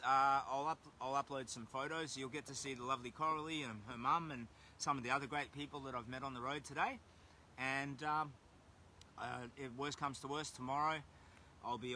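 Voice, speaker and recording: A man's voice: medium pitch, pushed and bright, slight background noise. An Australian man chatting casually on a livestream, reading out viewer comments while walking by a road. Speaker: livestreamer on a long charity walk. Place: outdoors by a road, windy. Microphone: phone held while walking.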